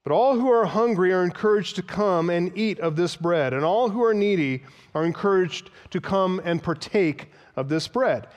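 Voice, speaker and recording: A man preaching an expository sermon in a reverberant church hall, his voice pitched a little high for a man. He speaks with emphasis, pausing to explain key terms and quote older sources. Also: animated. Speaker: pastor.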